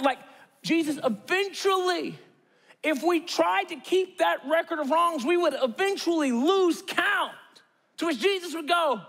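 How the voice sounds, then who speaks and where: High-voiced man preaching in a reverberant hall. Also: big pitch swings, moderate pace, fairly bright tone. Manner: conversational, joking asides, acts out quotes. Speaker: pastor. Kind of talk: sermon.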